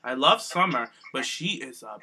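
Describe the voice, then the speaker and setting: Animated bright-voiced podcast co-host. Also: moderate pace, a little hiss or hum. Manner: animated, swears, acts out scenes in a high voice. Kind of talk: casual chat.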